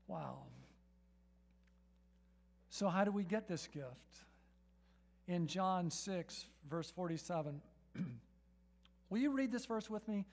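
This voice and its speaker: A man preaching a sermon to his church congregation, his voice sitting high. He leans on rhetorical questions and tags lines with "right?" as he speaks to the room. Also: expressive, slow pace, pauses often. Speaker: pastor. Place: church sanctuary.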